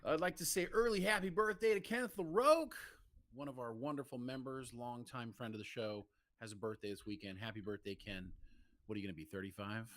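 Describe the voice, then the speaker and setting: A man co-hosting a live podcast in casual chat, tired, with a rough morning voice and a quiet desk mic. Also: mid-range voice, fairly quick, no echo, studio quality. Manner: tired, self-deprecating, animated. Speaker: podcast co-host. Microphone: desk microphone, quiet in the mix.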